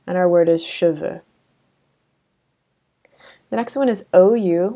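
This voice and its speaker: A woman's voice: lowish voice, moderate pace, pauses often, dark tone. A woman teaching a French lesson over a screen recording, chatty with many fillers and restarts.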